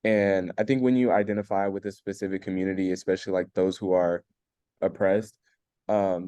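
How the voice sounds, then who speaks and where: A man's voice: deep voice, warm tone, no room sound. A young man student talking in class over a video call, hesitant and full of fillers. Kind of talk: class discussion comment.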